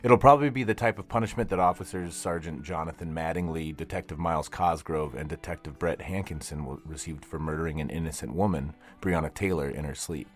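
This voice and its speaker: A man's voice: a bass voice, brisk, few pauses, faint music behind. A man hosting his own podcast from a practice studio, talking in a blunt, profane, angry rant. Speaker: podcast host. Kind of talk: solo podcast monologue.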